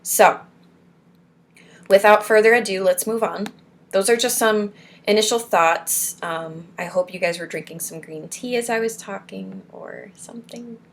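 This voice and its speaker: Slow-talking encouraging woman from Florida. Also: mid-range voice, gravelly, a little hiss or hum. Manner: encouraging, pep-talk asides between read points. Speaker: support group host. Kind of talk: reading and commenting on speech exercises.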